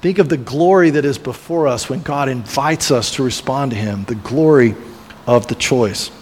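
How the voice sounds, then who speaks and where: A man's voice: medium pitch, moderate pace, slight background noise. A man preaching a sermon as pastor, retelling a biblical story in a storytelling way and briefly acting out the voices of the people in it. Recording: long reverb of a large hall.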